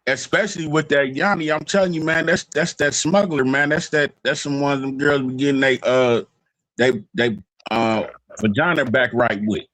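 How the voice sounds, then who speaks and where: A man's voice: mid-range voice, moderate pace, fairly bright tone, no room sound, poor audio. A man in a casual panel chat, rambling and repeating fillers as he searches for words.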